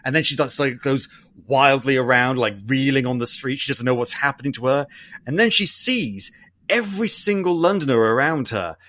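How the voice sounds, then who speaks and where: A man, co-hosting a podcast and talking through a film review in a long-winded, animated way, swearing casually. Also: mid-range voice, normal speed, dry recording. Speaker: podcast co-host.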